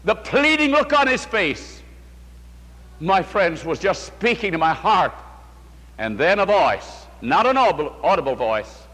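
Older male preacher, high voice, heartfelt storytelling, reverberant hall recording. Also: a bit bright. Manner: emotional storytelling, addresses listeners as "my friends". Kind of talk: sermon.

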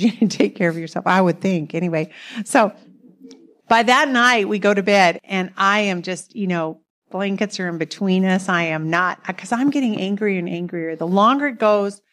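Chatty laughing woman telling a story. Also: medium pitch. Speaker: co-host speaking about marriage. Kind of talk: casual storytelling talk.

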